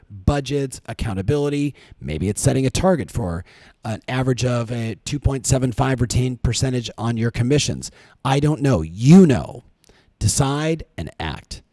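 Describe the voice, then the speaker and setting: Man, podcast host, animated pitch, mellow tone, dry close sound, punchy coaching questions. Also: no echo. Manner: energetic, coaching, asks rhetorical questions. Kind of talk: motivational podcast talk.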